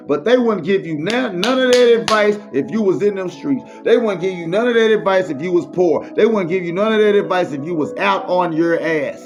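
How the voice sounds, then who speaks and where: A man's voice: high-pitched, expressive, brisk, few pauses, over music. A man giving a faith-based motivational monologue, repetitive and preachy, full of street slang. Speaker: motivational speaker. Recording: muffled lo-fi recording.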